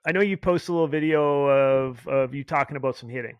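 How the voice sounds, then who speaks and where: A man hosting a podcast interview, mostly listening with brief affirmations and asking relaxed questions. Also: medium pitch, fairly quick, clear, resonant tone, no echo, dull audio. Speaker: podcast host, coach. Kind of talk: casual interview chat.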